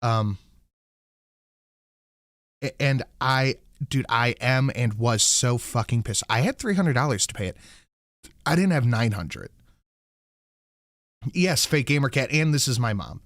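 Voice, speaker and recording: A man's voice: mid-range voice, very animated, measured pace, long pauses, no room sound. Angry ranting man, dry close mic. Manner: angry, profane storytelling, quotes himself loudly. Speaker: podcast host. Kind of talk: casual ranting chat.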